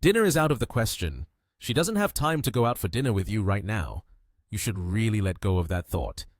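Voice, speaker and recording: A man voicing an excitable, newly rich young hero in a comic recap. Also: on the low side, brisk, no room sound, clean studio sound. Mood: firm.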